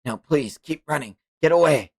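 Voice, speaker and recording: A man voicing a brooding young male fighter who speaks low and subdued. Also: animated, normal speed, creaky, a little mellow, no room sound. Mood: grim.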